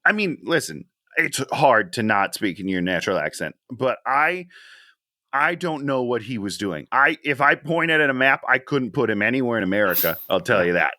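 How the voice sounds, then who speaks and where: A man's voice: medium pitch, expressive, moderate pace, sharp tone, no room sound, studio quality. A man co-hosting a casual movie-review podcast, joking and sarcastic as he picks a film apart. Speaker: podcast co-host.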